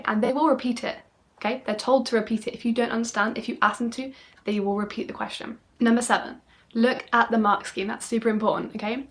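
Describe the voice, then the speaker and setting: A woman from the UK tutors straight to the camera, fast and emphatic. Her voice sits a little high, and she stops often to check in with the viewer. She plays up her tone to make each point land. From United Kingdom. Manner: animated, playing up phrases with dramatic tone. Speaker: French exam tutor. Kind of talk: video lesson monologue.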